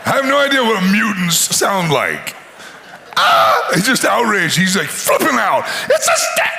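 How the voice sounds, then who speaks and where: A male pastor preaches with a lively, storytelling energy, acting out voices and laughing often. His speech swings widely in pitch and has a gravelly edge. His tone is bright and forceful. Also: unhurried, slight background noise. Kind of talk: sermon.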